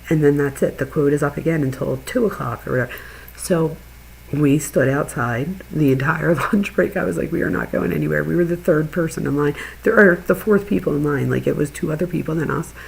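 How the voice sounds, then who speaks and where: Gravelly, husky woman telling a chatty story. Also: sits low, normal speed, rough recording. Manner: chatty, animated, laughs while telling stories. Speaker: true crime channel host. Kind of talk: casual storytelling to viewers.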